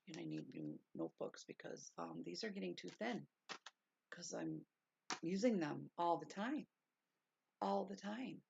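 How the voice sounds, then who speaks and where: A woman chatting casually to her stream viewers from her bedroom, repeating herself and gushing with excitement, sometimes keeping her voice down. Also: deep voice, gravelly, slight background noise. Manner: hushed at times to stay quiet. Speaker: vlogger. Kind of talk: casual livestream chat. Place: bedroom at home. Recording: dull lo-fi sound.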